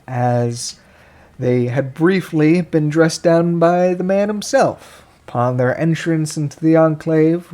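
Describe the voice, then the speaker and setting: Slow, measured male game master. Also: on the high side, darkish tone. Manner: slow, measured narration with pauses. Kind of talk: narrating a tabletop game recap.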